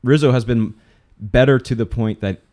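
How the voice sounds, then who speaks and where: A man's voice: mid-range voice, moderate pace, mellow. A man from the Poconos co-hosting a casual sports talk show, rambling with many restarts and fillers. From Poconos, Pennsylvania. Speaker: podcast co-host.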